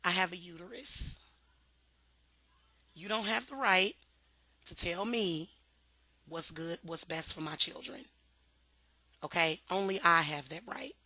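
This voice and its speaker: A woman's voice: fairly low pitch, unhurried, pauses often, bright, forceful tone, dry recording. A woman on her vlog, venting in a confrontational, profane, sarcastic way and repeating points for emphasis. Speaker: vlogger. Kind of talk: heated ranting vlog.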